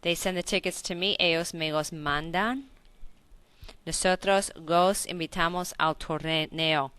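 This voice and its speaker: Bright, crisp woman teaching grammar. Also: fairly low pitch, steady tone, unhurried, dry recording. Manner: explains step by step with frequent self-corrections and check-in questions. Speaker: Spanish teacher. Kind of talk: recorded video lesson.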